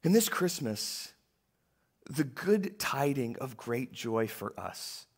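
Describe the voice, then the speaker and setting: A man preaching a sermon in a church, talking conversationally and moving between hushed lines and emphatic ones. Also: fairly high pitch. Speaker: pastor.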